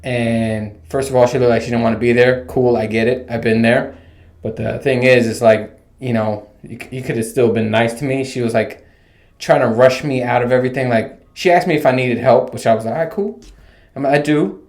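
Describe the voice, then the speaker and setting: A man's voice: medium pitch, a little fast. A man in his thirties hosting a casual solo podcast, ranting and telling stories with plenty of swearing. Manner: animated, profane, rambling storytelling. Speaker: podcast host. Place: home room with bare walls. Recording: echoey untreated room.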